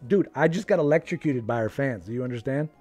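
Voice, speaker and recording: A man in his thirties, a slightly hoarse gaming host, chatting playfully and teasing his young son while they play, laughing often. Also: medium pitch, expressive, fast talker, a little mellow, faint music behind. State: a little hoarse, losing his voice. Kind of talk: casual gameplay commentary.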